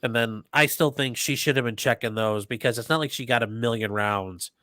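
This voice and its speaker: Rambling American podcast host, very dry sound. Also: male voice, medium pitch, a little fast, no echo. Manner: rambling, animated, many restarts. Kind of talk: casual chat.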